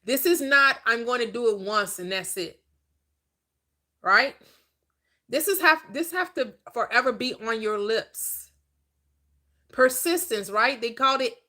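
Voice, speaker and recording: Woman preaching manifestation, bright voice a bit high, keeps asking then answering herself. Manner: emphatic, repetitive, call-and-response questions. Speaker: spiritual teacher.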